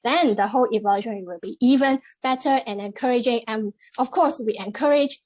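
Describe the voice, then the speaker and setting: A woman giving the general evaluation at a club meeting over a video call, measured and encouraging, with frequent fillers. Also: a little high, darkish tone.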